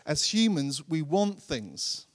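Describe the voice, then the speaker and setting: A man preaching a sermon in an earnest way, repeating phrases for emphasis and slowing down to stress key lines. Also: fairly high pitch, sing-song. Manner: slows and drops his voice to stress key lines. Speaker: pastor.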